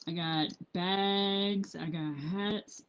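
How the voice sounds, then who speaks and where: A woman's voice: mid-range voice, steady tone, drawn-out words, clear, resonant tone. A woman chatting casually on a live stream about her handmade apparel business, rambling with lots of ums and restarts. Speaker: small business owner vlogging. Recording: dull lo-fi sound.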